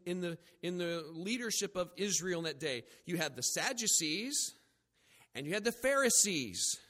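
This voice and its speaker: A man preaching a sermon, animated and joking at his own expense, slipping into quoted voices. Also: high voice, long reverb tail. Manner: animated, acts out quoted voices, self-deprecating jokes. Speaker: pastor.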